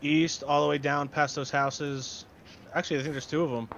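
A young man chatting over voice chat while gaming, jokey and quick to yell when startled. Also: a little high, little pitch movement, gravelly, muffled recording, a little hiss or hum. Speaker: friend in voice chat.

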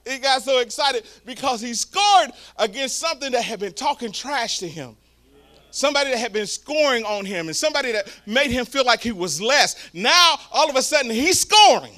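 Brief: male pastor, animated sermon delivery, bright and lively. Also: extremely high pitch, moderate pace. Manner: animated storytelling preacher.

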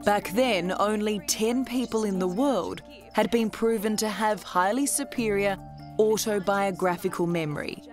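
An Australian woman reporter giving scripted, measured TV narration. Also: mid-range voice. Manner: measured, polished delivery. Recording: narration over music.

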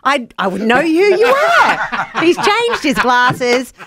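A woman's voice: high voice, huge pitch swings, takes it slowly, a loud crowd. A woman co-hosting a morning radio show, bubbly and teasing. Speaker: radio co-host. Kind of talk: casual radio chat. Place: radio studio.

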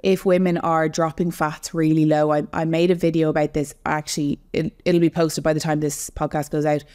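A young adult woman with a slightly low voice talks as a podcast guest. She is earnest and explanatory, speaking directly to women about her coaching work. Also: level tone, brisk, darkish tone. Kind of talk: casual podcast conversation.

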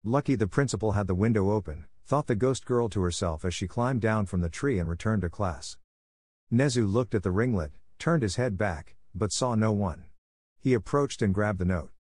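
A man narrating a fan-fiction story in a steady, evenly paced scripted read. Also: fairly low pitch, normal speed, dry recording, studio quality.

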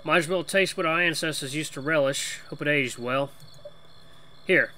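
A man's voice: a little high, normal speed, bright, forceful tone, a little hiss or hum. A man putting on a Boston-accented mouse. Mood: musing. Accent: put-on Boston. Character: weary working-class male mouse, tavern dweller.

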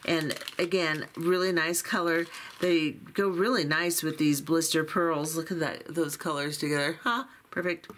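A woman's voice: fairly low pitch, a bit bright, slight background noise. A woman hosting a beading channel, chatting casually through an unboxing in a chatty, self-deprecating way with many fillers. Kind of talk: unboxing walkthrough, casual chat.

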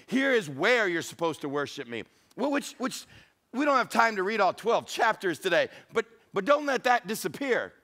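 High-voiced, joking male pastor. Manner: humorous, storytelling, animated. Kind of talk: sermon.

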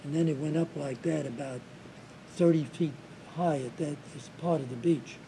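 Gravelly older man recounting war. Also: a little high, warm tone, slight background noise, rough recording. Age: 70s. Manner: halting, restarts and repeated words. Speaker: war veteran being interviewed. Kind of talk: recounting war memories in an interview.

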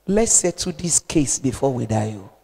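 Nigerian woman preacher, fervent sermon, bursts of exhortation then quiet pleading, long hall reverb. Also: very deep voice, sing-song, normal speed, vocal fry, husky. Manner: impassioned, pleading, swings from loud exhortation to hushed appeals.

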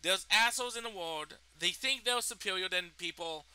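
A man's voice: sits high, normal speed, pushed and bright, clear, resonant tone, low-quality recording. A young man in a vlog, indignantly retelling a personal story and swearing freely. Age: young adult. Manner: indignant, profane retelling of events. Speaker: vlogger.

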